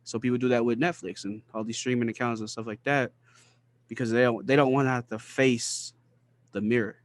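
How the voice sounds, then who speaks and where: A man in casual podcast conversation with an earnest, searching manner. His voice sits at a middle pitch, and he often pauses to find the right words. He draws out key phrases slowly for emphasis. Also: steady tone, no echo.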